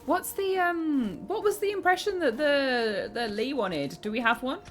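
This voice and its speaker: A woman's voice: sits high, expressive, measured pace. A British woman chatting casually on a live stream, reading comments aloud and making giggly asides.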